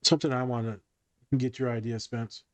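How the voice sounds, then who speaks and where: A man's voice: mid-range voice, fairly quick, slight background noise. A man hosting a casual podcast chat, a therapist telling stories from his office and acting out the quoted dialogue. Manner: animated storyteller who acts out quoted dialogue.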